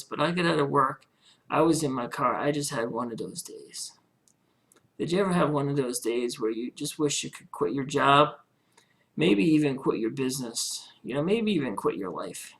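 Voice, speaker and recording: A man's voice: a little high, fairly bright tone. A man talking straight to camera in a personal video diary about his home-based marketing business, earnest and heartfelt, often rambling with filler words. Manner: earnest, rambling, many "you know" fillers; heartfelt, religious.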